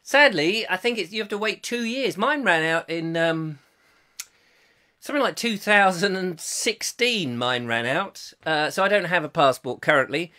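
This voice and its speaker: A man's voice: sits high, expressive, normal speed, bright, forceful tone. A man in his fifties hosting a live comic chat show, rambling through viewer comments with jokey, self-mocking asides. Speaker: host.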